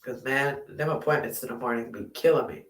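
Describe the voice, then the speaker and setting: Speaking fairly quickly with an extremely low pitch, a woman hosts a late-night home livestream full of casual chat. She rambles, laughs and drifts toward drowsiness, captured by a laptop or phone mic in an echoey space.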